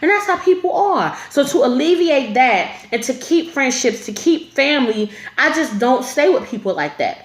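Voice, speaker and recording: A woman's voice: sits high, sing-song, moderate pace, hardly any pauses, reverberant. A woman telling a story to camera in a casual storytime vlog, blunt and profane, with lots of filler.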